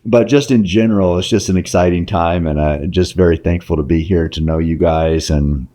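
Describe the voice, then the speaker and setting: A middle-aged man hosting a podcast, talking in a halting, rambling way full of fillers. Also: sits low, dark tone. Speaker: podcast host. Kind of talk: casual podcast chat.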